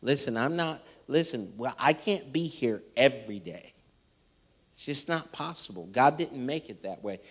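A man's voice: animated, normal speed. A man, a pastor addressing his church in sermon style and punctuating his lines with amen and hallelujah. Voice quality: squeaky. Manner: peppers talk with amen and hallelujah. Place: church sanctuary.

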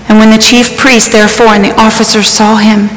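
A woman reading a passage of scripture aloud in a measured, solemn voice, as part of a church program. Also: fairly high pitch, level tone, very noisy. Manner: measured and solemn, lifting her voice for shouted quotes. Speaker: scripture reader. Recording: echoey hall, faint ambience.

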